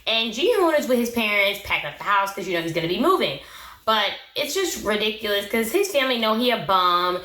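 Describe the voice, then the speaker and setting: A sassy, opinionated woman rattles through a casual reality-TV recap and scolds the people in it as she goes. Her voice sits at an ordinary pitch in a roomy, echoey space. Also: very animated, brisk, sharp tone. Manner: opinionated, sassy, talks back at the show. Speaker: recap vlogger. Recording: roomy echo.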